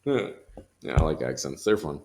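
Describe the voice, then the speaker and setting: A man with a very low-pitched voice, talking casually as a guest on a podcast. He speaks in quick bursts, laughs often and restarts his sentences. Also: very animated, darkish tone, a little hiss or hum. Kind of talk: casual conversation.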